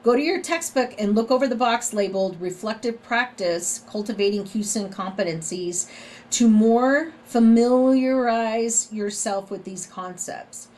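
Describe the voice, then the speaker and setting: A woman's voice: fairly high pitch, unhurried, a little mellow. A middle-aged woman with a Southern US accent, giving a recorded nursing lecture in a conversational way, often adding "right?" to her points. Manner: conversational, frequent "right?" tag questions. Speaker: nursing instructor.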